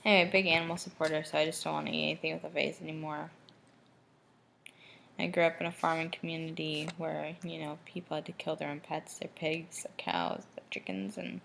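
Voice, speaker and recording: A woman's voice: low-pitched, level tone, fairly quick, gravelly, a bit bright, a little hiss or hum, low-quality recording. A young woman from Michigan talking in a personal video diary, emotional and rambling, often restarting her sentences. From Michigan, USA. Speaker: vlogger.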